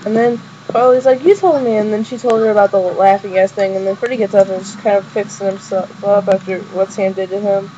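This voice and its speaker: Rambling excited young woman fan reviewer. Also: medium pitch. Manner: rambling, excited, many fillers and restarts. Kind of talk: casual episode review. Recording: dull lo-fi webcam audio with faint noise.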